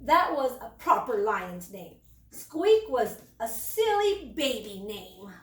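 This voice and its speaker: A woman teacher reading a children's storybook aloud in an expressive, slow storytelling manner. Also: a little high, recorded from a distance. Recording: roomy, away from the mic.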